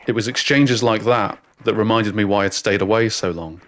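A man narrating a comic first-person story with a deadpan, wry delivery and dry asides. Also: on the low side, normal speed, few pauses.

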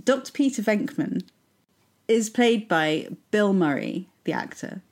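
A woman's voice: medium pitch, lively intonation, measured pace, a little mellow. Teasing woman co-hosting a comedy chat. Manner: teasing and playfully persistent. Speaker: podcast co-host. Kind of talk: comedic casual banter.

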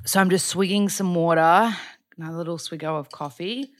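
A woman's voice: on the low side, brisk, no echo, studio quality. A woman with an Australian accent hosting a casual diary podcast, chatting in an upbeat way and sprinkling in "like". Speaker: podcast host. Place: small closed room at home.

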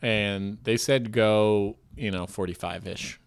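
A man's voice: lowish voice, steady tone, takes it slowly, gravelly, clean tone, dry recording. A man, a comedian, chatting casually in a rambling, self-deprecating way, full of "like". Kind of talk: casual chat.

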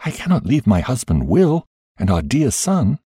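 A man voicing a frail, dying woman who speaks earnestly and pleadingly, in a higher voice than his own. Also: wildly swooping pitch, normal speed, mellow, slightly rough, no echo, clean studio sound, heavily acted. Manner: raised pitch, pleading and earnest.

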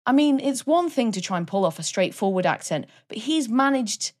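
A woman's voice: fairly high pitch, big pitch swings, normal speed. A woman co-hosting a casual film review chat, chatty and enthusiastic. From Wales. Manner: chatty and enthusiastic, laughs often. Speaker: podcast co-host.

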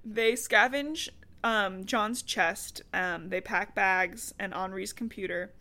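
A woman's voice: medium pitch, takes it slowly, sharp tone. A woman co-hosting a podcast, casually recapping a book in a loose, chatty way with plenty of swearing and laughter. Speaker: podcast co-host.

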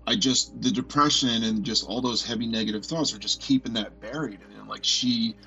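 A man in his forties telling a personal story as a podcast guest, earnest and halting, often restarting and filling with "like". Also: on the low side, gravelly, pushed and bright, muffled recording, soft background music. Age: 40s.

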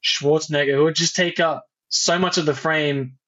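A man's voice: a little high, steady tone, normal speed, a bit bright. A man co-hosting a movie podcast in casual chat, thoughtful and rambling, often restarting his sentences. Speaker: podcast co-host. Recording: dull lo-fi mic.

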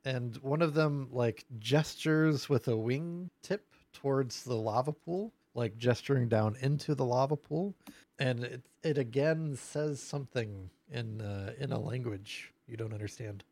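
A man narrating as game master of a tabletop game, casual and halting, full of fillers. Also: medium pitch, a little mellow.

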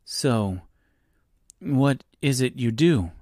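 A man's voice: medium pitch, expressive, very slow, a little mellow, dry recording, studio quality, voice pushed up. A man voicing a nervous, polite young woman traveler in an audiobook reading, speaking hesitantly.

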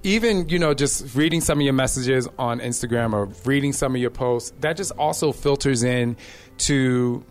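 A man's voice: medium pitch, normal speed. A middle-aged man, a fitness instructor, chatting casually and energetically, telling stories and acting out quotes. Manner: energetic, animated storyteller who acts out quotes. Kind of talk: casual chat.

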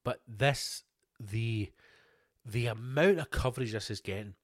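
A man's voice: mid-range voice, measured pace, no room sound, clean studio sound. A Scottish man hosting a podcast, ranting angrily with heavy swearing and repeated rhetorical questions. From Scotland. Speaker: podcast host. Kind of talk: ranting monologue.

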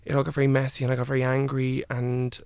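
A young man, a guest telling a personal story in a halting way full of "like" and "I was like". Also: medium pitch, completely flat delivery, gravelly, darkish tone, clear, resonant tone, no echo. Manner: halting, with many "like" and "I was like" quotes.

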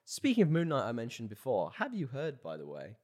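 A man's voice: mid-range voice, wildly swooping pitch, fairly quick, a little mellow. A man co-hosting a podcast in casual chat, wry and teasing as he moves the talk from topic to topic. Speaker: podcast co-host.

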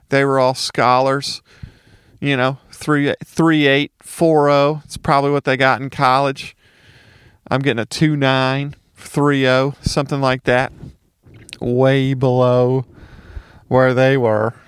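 A man with a light Southern US accent, from Mississippi, rants through a casual comedy monologue. His mid-pitched voice has some gravelly fry but stays smooth and resonant. It is recorded close and dry, with no room sound. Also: fairly bright tone, no room sound. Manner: ranting, profane, sarcastic asides.

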